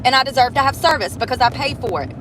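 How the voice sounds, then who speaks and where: Woman, vlogger, angry swearing rant, fairly high voice, noisy outdoor phone audio. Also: lively intonation, fast. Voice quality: heavy swearing, frustrated. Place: in and around a car outdoors.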